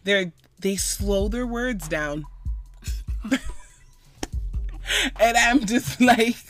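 A woman's voice: mid-range voice, expressive, very slow, a bit bright, soft background music. A woman co-hosting a casual chat with her best friend, talking animatedly, laughing often and repeating herself for emphasis. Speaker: podcast co-host.

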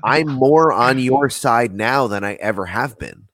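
A man's voice: medium pitch, lively intonation, unhurried, a bit bright, no room sound. A man co-hosting a podcast, laid-back and teasing in casual banter. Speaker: podcast host.

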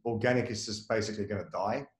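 A man runs through his points at a rapid clip, full of fillers and restarts, often tagging them with "right?". His voice sits a little low. It is recorded in an echoey room. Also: a little hiss or hum. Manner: fast, rambling, many fillers and restarts, tags "right?". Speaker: marketing agency owner, guest. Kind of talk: casual interview talk.

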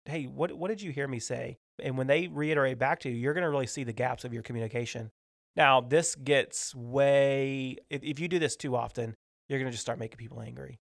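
A man's voice: medium pitch, fairly quick, vocal fry, no echo. A man with a mid-range voice hosts a casual podcast, walking through practical advice one point at a time. He keeps it light with small jokes and acted-out examples. The mic is close and dry. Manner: structured tips, light humor, acts out example dialogues. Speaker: podcast host. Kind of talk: casual teaching talk on workplace communication.

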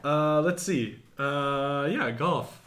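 A man's voice: a little high, drawn-out words. A man co-hosting a podcast in a casual, self-deprecating chat. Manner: relaxed, joking, self-deprecating. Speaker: podcast co-host. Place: living in China.

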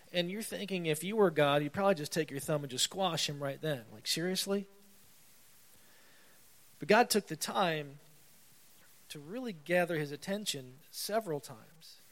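Guy preaching a sermon, chatty and easygoing, slightly higher voice, reads the bible out loud with some punch. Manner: conversational, reads scripture aloud with rising emphasis. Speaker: pastor.

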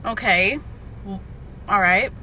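A woman's voice: medium pitch, takes it slowly, pushed and bright, a little hiss or hum. A woman telling a dating story in a casual clip, rambling and frustrated as she quotes what was said. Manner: rambling, frustrated, quoting others.

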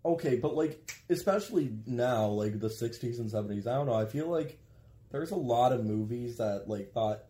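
A man's voice: medium pitch, moderate pace, dark tone, slight background noise. A young man co-hosting a podcast, joking and playfully sarcastic while watching a movie with his friend. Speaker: co-host.

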